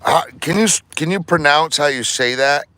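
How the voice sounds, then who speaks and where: A man's voice: on the high side, normal speed, bright, forceful tone, no echo. A man chatting casually to his vlog audience in a rambling, jokey and profane way. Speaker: vlogger.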